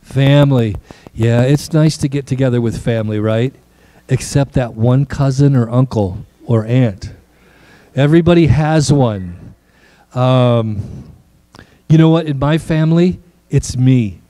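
Playful pastor joking with children. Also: male voice, mid-range voice, a little slow, warm tone, dry recording. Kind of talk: children's message in church. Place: church sanctuary.

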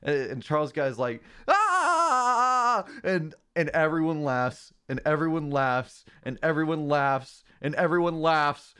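A young man streaming a game, talking in a deadpan, joking and rambling way. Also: a little high, moderate pace, hardly any pauses, clear, resonant tone. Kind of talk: casual gameplay chat.

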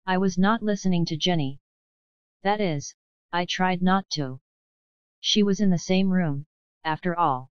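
A woman reads a novel aloud in a measured first-person delivery. Her voice is low-pitched and smooth, recorded dry with a slightly muffled, lo-fi sound. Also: dry recording. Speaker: audiobook narrator. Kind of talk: scripted audiobook narration.

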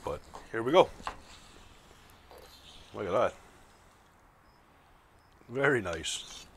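A man's voice: fairly low pitch, expressive, very slow, fairly bright tone, slight background noise. A man hosting his own barbecue video, chatting casually while slicing and tasting. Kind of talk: casual cooking vlog narration.

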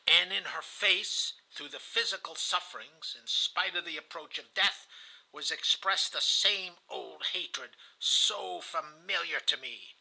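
A man's voice: fairly high pitch, unhurried, vocal fry, bright, forceful tone, low-quality recording. A man reading a novel aloud in the first person, earnest and confessional. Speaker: audiobook reader.

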